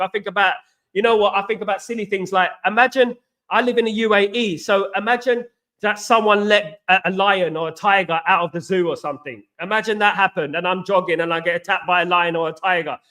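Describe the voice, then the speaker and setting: High-pitched and sharp in tone, this man hosts a football channel's casual live stream. He chats with his audience, goes through their comments, and keeps circling back over the same points.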